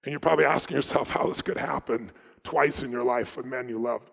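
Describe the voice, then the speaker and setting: A man giving a live motivational seminar, telling stories with emphatic delivery that swings between loud and hushed. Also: mid-range voice, brisk, vocal fry, breathy edge. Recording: long hall reverb.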